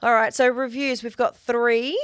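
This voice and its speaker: A woman's voice: fairly high pitch, fairly even intonation, measured pace, no room sound, studio quality. A woman co-hosting a podcast in casual chat, giggly and chatty as she reads out listener reviews. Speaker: podcast co-host.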